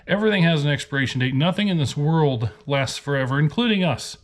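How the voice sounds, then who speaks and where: A Nebraska man who makes his living reselling rants fast and expressively in a fairly high voice. Tired and frustrated, he rambles to the camera from inside a storage unit.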